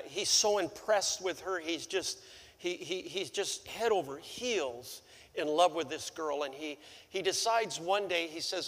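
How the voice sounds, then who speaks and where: Male pastor, middle-aged, high bright voice, animated stammering storyteller, long church reverb. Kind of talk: sermon. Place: church sanctuary.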